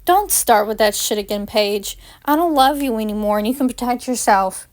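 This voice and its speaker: A woman's voice: on the high side, moderate pace, natural voice. A woman reading a cold stern headmaster. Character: cold stern male headmaster, cruel and mocking.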